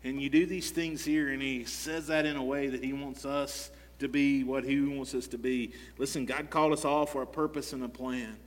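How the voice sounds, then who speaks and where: A man's voice: medium pitch, flat delivery, normal speed, few pauses. A male pastor preaching a sermon in a conversational style, often repeating "listen" and asking the congregation rhetorical questions. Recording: long reverb of a large hall.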